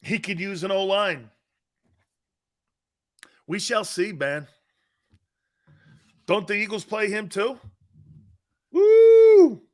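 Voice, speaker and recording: A middle-aged man hosts a sports talk show in a loose, joking style, his voice a touch higher than most men's. He laughs often and trails off and restarts sentences while bantering with his crew, speaking slowly with frequent pauses and a sharp tone.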